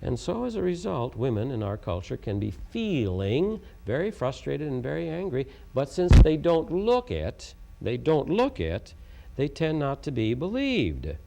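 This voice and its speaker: A man from Oklahoma lectures on tape, emphatic and repetitive and full of rhetorical questions. His voice is gravelly. His pitch swings widely. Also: big pitch swings, unhurried, dark tone. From Oklahoma, USA. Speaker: lecturer on communication. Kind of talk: taped educational lecture.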